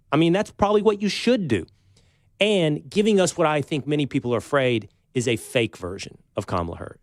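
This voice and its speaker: A man's voice: a little high, creaky, no room sound, clean studio sound. A man hosting a talk show, talking in a pointed conversational way as he challenges his guest. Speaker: show host.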